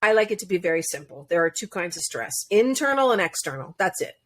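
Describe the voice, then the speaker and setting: A woman's voice: fairly low pitch, sing-song, quick pace. A woman coach, a podcast guest, talking in casual interview chat, earnest and explanatory, laughing now and then.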